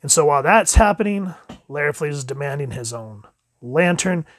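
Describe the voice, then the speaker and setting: A man's voice: animated, normal speed, no room sound, studio quality. A man casually reviewing a comic book at home, chatty and playing out the quotes. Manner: chatty, acts out quotes with jumps in pitch. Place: home room with dogs.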